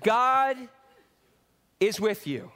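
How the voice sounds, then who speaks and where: A pastor preaching with a fairly high, animated voice. He calls out to the congregation, then drops to quiet, reflective moments as he talks through scripture. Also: extremely slow, clean tone. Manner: lively preaching with swings from loud to hushed. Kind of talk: sermon.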